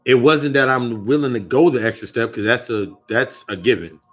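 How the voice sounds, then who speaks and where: A man's voice: medium pitch, normal speed, soft background music. A young man talking in a casual spiritual monologue, profane and rambling, often repeating and restarting his phrases. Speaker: occult vlogger.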